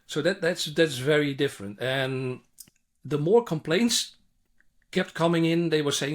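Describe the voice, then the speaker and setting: A man, a China expert answering interview questions in animated, conversational English full of restarts. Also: on the high side, a little slow. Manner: animated, frequent restarts and repeated words.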